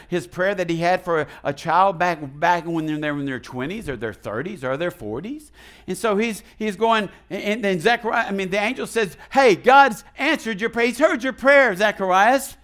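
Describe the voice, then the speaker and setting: Animated male pastor preaching. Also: sits high. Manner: animated, asks the congregation questions and leads call and response; folksy, retells the story in his own casual words. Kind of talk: sermon.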